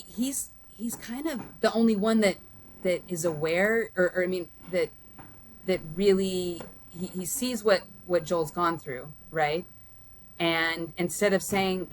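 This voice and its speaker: Woman, lowish voice, casual film chat, rambling, restarts, fillers. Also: measured pace, a little hiss or hum. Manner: rambling, many restarts and fillers, warm laughs. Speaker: guest, host's mother.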